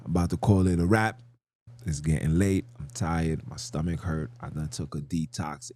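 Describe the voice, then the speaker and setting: A man's voice: deep voice, steady tone, moderate pace, warm tone. A man hosting a livestream podcast, delivering an argumentative monologue full of slang and rhetorical questions. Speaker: podcast host.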